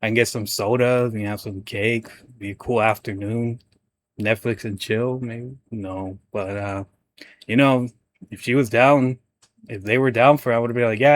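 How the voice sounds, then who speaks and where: Casting: young male commentary host, chatty and rambling, stumbles over words, mid-pitched voice. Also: no echo. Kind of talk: casual reaction commentary.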